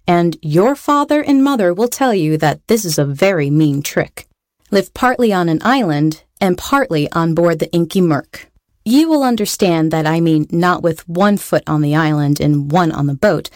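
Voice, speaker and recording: A woman's voice: fairly low pitch, darkish tone, no echo, studio quality. A woman reading a children's storybook aloud, playful, with wry asides to the listener.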